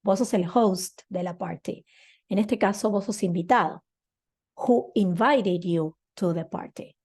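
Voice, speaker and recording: A woman's voice: medium pitch, normal speed, darkish tone. A woman, a Spanish speaker, teaching English grammar patiently and often checking in with "okay". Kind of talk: grammar lesson.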